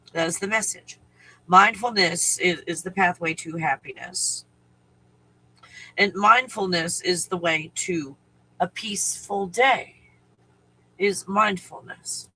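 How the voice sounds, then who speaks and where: On a casual spiritual live stream from a home microphone, a man with a high, sharp, slightly rough voice rambles and restarts his thoughts, sometimes breaking off to talk to his dog. The recording itself is rough.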